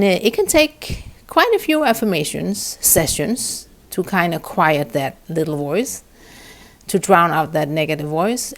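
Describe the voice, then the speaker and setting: A woman hosting a self-help video, speaking earnestly and encouragingly, slowing down to voice affirmations with care. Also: lowish voice. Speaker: wellness video host. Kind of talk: spoken self-help talk to camera.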